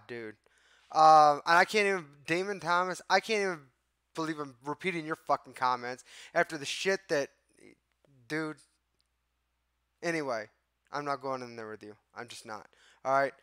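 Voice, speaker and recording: Exasperated, swearing livestream host. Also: male voice, fairly high pitch, a bit bright, clean tone, no echo, studio quality. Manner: exasperated, profane, talks to chat. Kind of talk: casual live-stream talk.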